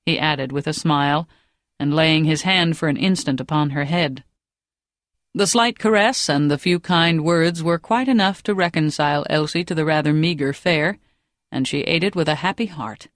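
A woman reading an audiobook in a measured, even narration. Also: low-pitched, no echo, studio quality.

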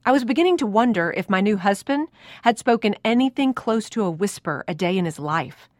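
A woman in her thirties, narrating her own memoir in a reflective, measured way. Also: medium pitch, animated, dry recording, studio quality. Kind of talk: reading a personal memoir aloud.

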